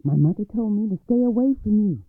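A man's voice: sits high, lively intonation, fairly quick, no room sound, voice pushed up. A man voicing a nervous but bold young boy, raising his voice for the part. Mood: anxious. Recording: dry tinny phone-like line.

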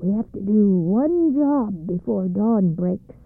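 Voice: mid-range voice, expressive, slow, gravelly, dry recording, faint music behind, full character voice. A storyteller voicing an impatient, greedy male evil spirit in a read-aloud folktale, urging and bossing in a raised voice. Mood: urgent. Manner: urgent, bossy. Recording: dry, phone-like narrow band.

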